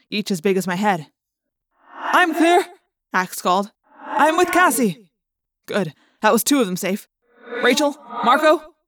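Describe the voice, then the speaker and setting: A woman reading a first-person audiobook with brisk, vivid storytelling. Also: mid-range voice, no room sound, studio quality. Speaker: audiobook narrator.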